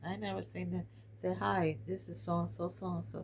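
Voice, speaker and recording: A woman's voice: lowish voice, fairly even intonation, moderate pace, vocal fry, background noise. A woman with a strained voice, chatting casually to viewers, recorded on a phone. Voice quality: voice strained by weather and heated talks. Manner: chatty, talks straight to viewers, says y'all. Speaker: host. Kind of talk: casual live-stream talk.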